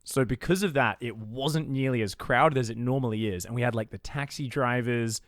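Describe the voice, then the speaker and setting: An Australian man chatting casually on a podcast, telling animated travel stories and acting out the people he met. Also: mid-range voice, normal speed, dry recording, studio quality. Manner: animated storyteller, acts out street vendors. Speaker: esports caster, guest.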